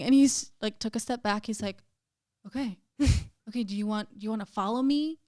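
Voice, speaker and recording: Her fairly high, mellow voice moves at normal speed as this young woman, a podcast guest, tells a painful story from her own life in casual talk. She's emotional, says "like" a lot, and swears occasionally; the studio-quality recording is dry.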